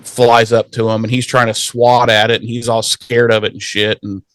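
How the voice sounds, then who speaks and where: A man's voice: mid-range voice, little pitch movement, moderate pace, a bit bright, no room sound. Profane rambling man recapping a show. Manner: profane, rambling, acts out characters in goofy voices. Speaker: podcast co-host. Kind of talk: casual chat recapping an episode.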